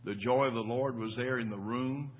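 A man's voice: mid-range voice, fairly even intonation, normal speed. An older man preaching a sermon in a folksy storytelling way, repeating his words as he goes. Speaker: pastor. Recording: tinny phone-like sound.

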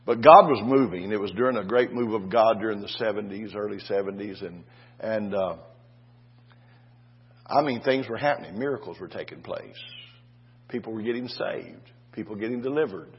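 A man's voice: fairly low pitch, moderate pace, slightly rough, dull audio. An older man preaching a sermon to a congregation in a folksy way, telling stories and often asking "Amen?". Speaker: pastor.

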